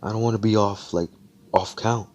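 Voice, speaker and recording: Man voicing a fussy mage, schedule-obsessed, raised pitch, petulant, role-play recap. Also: fairly even intonation, normal speed, a little mellow, close to an everyday voice. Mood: irritated. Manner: fretful, repetitive.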